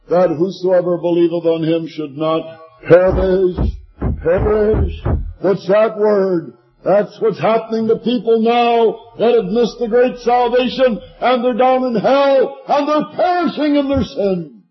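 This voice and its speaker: A man in his sixties preaching a sermon, swinging from hushed, drawn-out words to shouting. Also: sits high, slightly rough, muffled recording, soft background music. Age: 60s.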